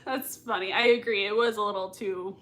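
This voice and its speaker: A woman's voice: mid-range voice, steady tone, a little fast, a bit bright, a little hiss or hum. A woman hosting a casual live reaction stream, reading viewer comments aloud and gushing over a TV episode with frequent laughter. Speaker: livestream host reacting to a TV episode.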